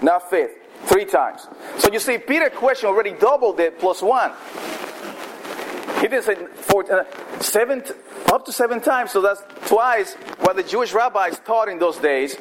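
High-voiced man preaching casually. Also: a little hiss or hum, low-quality recording. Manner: conversational, repeats "I mean", emphatic slowdowns. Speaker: pastor. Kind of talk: sermon.

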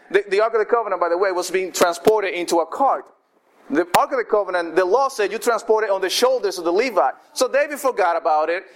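A man preaching a sermon, telling the story lively and acting out what the people in it say. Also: high-pitched. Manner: animated storytelling, acting out quoted voices.

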